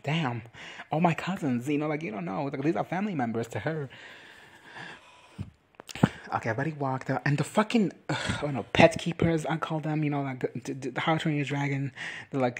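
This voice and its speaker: A man giving a crude, campy comedic recap of a TV episode. He talks sassily, swears freely and acts out the characters in quick quoted lines. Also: on the high side, breathy edge. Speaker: reaction recap vlogger.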